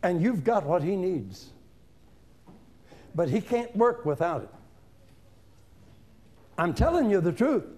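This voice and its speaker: High, lively older preaching man. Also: takes it slowly, pauses often. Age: 70s. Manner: folksy, emphatic, conversational, talking straight to the audience. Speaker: evangelist preacher. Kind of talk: informal seminar sermon.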